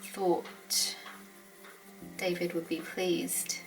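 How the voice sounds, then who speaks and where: A woman's voice: lowish voice, level tone, drawn-out words, rough recording. A woman hosting a Bible study, reading old scripture aloud and then commenting in an earnest, heartfelt way as she thinks aloud. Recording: clear background music under the voice.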